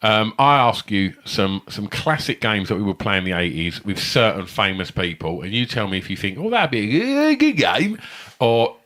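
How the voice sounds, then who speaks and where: Low, lively man, dry humour. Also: moderate pace, few pauses. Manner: dry, playful game-runner. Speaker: podcast co-host. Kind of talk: casual comedy chat.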